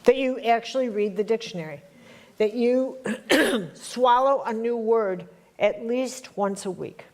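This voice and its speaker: A woman teaching a spiritual workshop to a live group, her voice sitting fairly high. She speaks slowly and unhurriedly, talking conversationally and teasing people as she questions the room. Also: darkish tone. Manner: conversational and teasing, quizzing the audience. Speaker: workshop leader.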